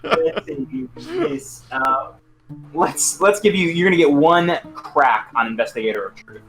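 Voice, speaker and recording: A man's voice: a little high, sing-song, a little slow, a bit bright, soft background music. A man narrating as game master, describing scenes in a loose, hesitant way.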